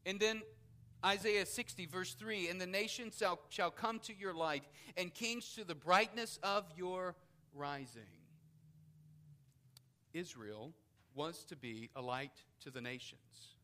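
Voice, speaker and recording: A man's voice: high voice, slow, bright, forceful tone. A man preaching a sermon as pastor, building emphasis and repeating key phrases.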